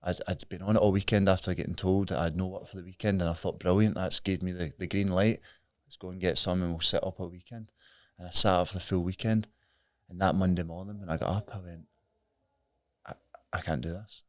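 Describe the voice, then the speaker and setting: A man's voice: sits low, steady tone, a little fast, dry recording, clean studio sound. A Scottish man in his thirties, a podcast guest telling his story in an earnest, frank, plain-spoken way. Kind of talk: candid recovery story in conversation.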